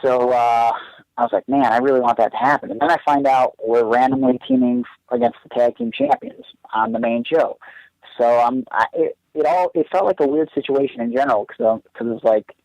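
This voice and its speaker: A man's voice: mid-range voice, lively intonation, moderate pace, vocal fry, a little mellow, no room sound. A young man, a wrestler guest on a podcast, telling a long story casually with many restarts and fillers. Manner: rambling, lots of "like" and restarts. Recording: dull lo-fi podcast audio.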